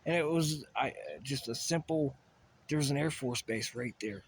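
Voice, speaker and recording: A man's voice: medium pitch, a little slow, a little hiss or hum. A man ranting in a rambling solo monologue, profane and agitated, full of asides and restarts. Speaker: vlogger.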